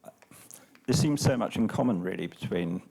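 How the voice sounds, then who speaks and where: A man from the audience with a slightly croaky voice, asking a long, musing question. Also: deep voice, animated, measured pace, darkish tone.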